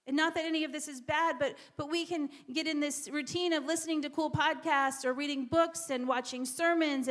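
A woman preacher with a high-pitched voice delivers a church sermon. She stammers into repetitions and drops to a whisper for emphasis.

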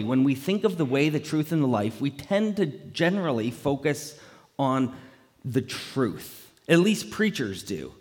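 A male pastor preaching a conversational, animated sermon, often acting out quotes in playful voices. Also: on the high side. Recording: long hall reverb.

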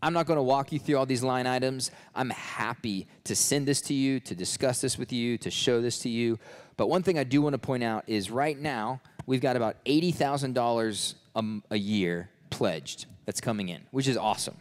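A man's voice: mid-range voice, normal speed. A man who leads a ministry, giving a sermon and a fundraising appeal in an earnest, casual way, with frequent restarts. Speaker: ministry leader.

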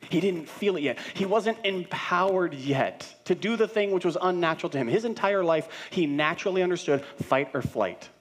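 A middle-aged man preaches from the pulpit with earnest conviction. He builds his points through repeated phrases, rising loud and then dropping to a hush. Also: sits high, lively intonation, normal speed, hardly any pauses. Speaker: senior pastor. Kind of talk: sermon.

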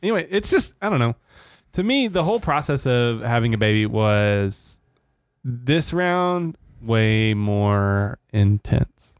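A man in his thirties, co-hosting a podcast, telling a long story in casual chat and acting out the quotes with lively shifts of voice. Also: mid-range voice, slow, smooth, no room sound, studio quality. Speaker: podcast co-host.

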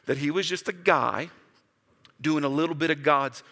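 Man, pastor, sermon, bright tense voice, lively delivery. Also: moderate pace. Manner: animated, acts out quotes with big pitch jumps. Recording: long hall reverb.

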